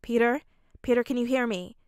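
A woman voicing a stern, worried man who is a teenager's father figure, in a fan audiobook reading, commanding and gruff. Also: fairly high pitch, a little fast, darkish tone, no echo, studio quality, close to an everyday voice. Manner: commanding, then gruffly tender.

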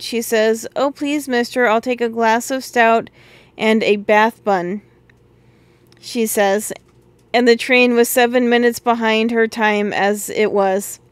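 A woman's voice: on the high side, clear, resonant tone, no echo, lightly acted. A woman voicing a good-natured, folksy male railway porter who rambles through an anecdote in a storybook reading.

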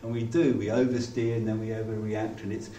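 A man preaching a sermon and leading a prayer, reflective and halting, often restarting his sentences. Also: on the low side, little pitch movement, warm tone. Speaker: pastor. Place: church hall. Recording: echoey hall from far off, faint noise.

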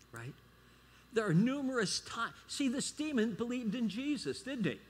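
A man's voice: very high-pitched, very animated, normal speed, husky. A middle-aged man preaching a sermon as a guest speaker. He is emphatic and keeps checking in with the congregation.

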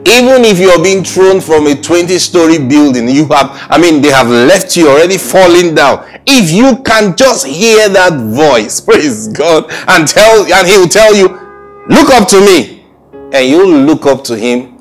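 A man's voice: a little high, expressive, moderate pace. Man, middle-aged, preacher, earnest sermon, stammering restarts, faint music bed. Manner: earnest, often repeating praise phrases. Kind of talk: recorded weekly sermon.

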